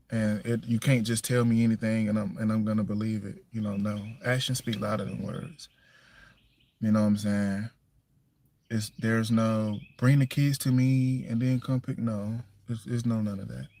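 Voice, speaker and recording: A man's voice: fairly low pitch, a little mellow. A single father chatting casually on a livestream. He is firm and plainspoken, repeats himself, and keeps checking in with "you know what I'm saying". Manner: firm and plainspoken about household rules.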